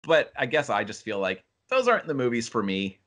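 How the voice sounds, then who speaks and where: A man hosting a casual film review podcast, talking with animated energy and acting out quotes in high voices. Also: a little fast. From United States. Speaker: podcast host.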